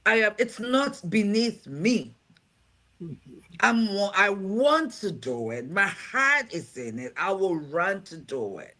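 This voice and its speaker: A woman's voice: mid-range voice, big pitch swings, slow pace, pushed and bright. A woman who runs a home care agency and is also a pastor, talking on a livestream show in an earnest, heartfelt way and repeating her key phrases for emphasis. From from outside America. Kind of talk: livestream talk show chat.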